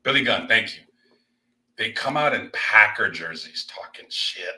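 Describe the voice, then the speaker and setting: A low-pitched man with a very bright, forceful tone. He tells stories with excitable energy and chats casually as a co-host. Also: a little slow, poor audio. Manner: animated, excitable storyteller. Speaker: co-host and loan officer. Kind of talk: casual sports-show chat.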